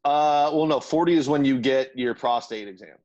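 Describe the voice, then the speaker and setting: A man's voice: mid-range voice, normal speed, darkish tone, dry recording, highs cut off. A man co-hosting a podcast who tells a rambling, profane story in casual chat, padded with "like" and laughter. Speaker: podcast co-host.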